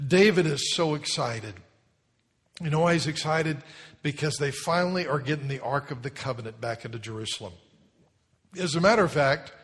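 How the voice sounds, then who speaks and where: High-voiced preaching man in reverberant church. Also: fairly bright tone. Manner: emphatic preaching, leads congregation in repeated phrases. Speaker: pastor. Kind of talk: sermon. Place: church sanctuary.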